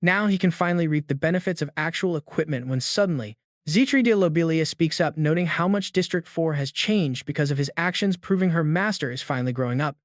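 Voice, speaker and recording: Steady male recap narrator, dry sound. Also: a little high, a little fast, no echo. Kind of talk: scripted narration.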